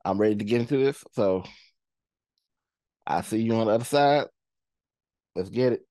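A man hosting a movie reaction video, talking in a casual, animated way and swearing freely. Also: on the low side, moderate pace, dry recording. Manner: animated, loud, swears and laughs a lot.

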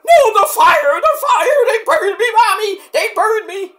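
A shrill, babyish man who squeals and whines between giggles, wildly up and down in pitch, as a man puts him on for a comedy bit. The tone is bright and piercing. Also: sing-song, measured pace, full character voice. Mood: wailing. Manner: high squealing, giggly, whiny. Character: squeaky childish man offering snacks.

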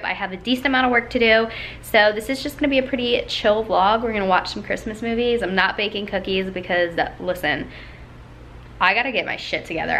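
A woman's voice: mid-range voice, pushed and bright, slight background noise. A young woman vlogging casually at home, chatty and gushing, with plenty of filler "like"s. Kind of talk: casual vlog talk to camera.

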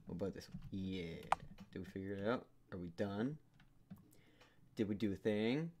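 In a noisy home recording full of keyboard clicks, someone with a low voice speaking at normal speed gives let's-play commentary on a puzzle game. They ramble, swear, and mutter and hum to themselves.

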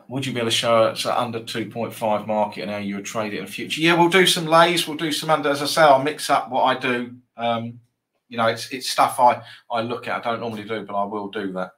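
Chatty man, bright voice. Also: fairly low pitch. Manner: chatty, rambling, banter with chat. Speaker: live-stream football trading host. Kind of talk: casual live-stream chat.

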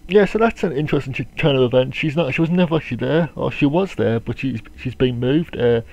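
A man's voice: medium pitch, fast, darkish tone. A man giving chatty, wry commentary as he plays a video game. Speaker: gamer. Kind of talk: gameplay commentary.

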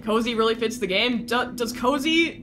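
A woman's voice: fairly high pitch, lively intonation, moderate pace. A woman streaming a game, talking to chat and groaning in frustration at the game.

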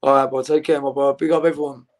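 A man's voice: medium pitch, level tone, quick pace. A young man, talking in loose, rambling, laddish banter in an interview. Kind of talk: casual chat.

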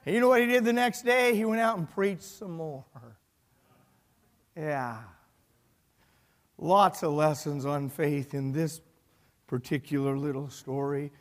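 A male pastor preaching a sermon, retelling a story with animated swings between loud and hushed delivery. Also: a little high, unhurried, long pauses. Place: church sanctuary. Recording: long hall reverb.

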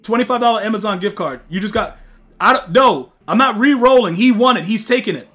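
Loud, profane young male streamer. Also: high voice, fairly quick, faint music behind. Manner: loud, profane, excitable trash talk. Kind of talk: casual live-stream chat with viewers.

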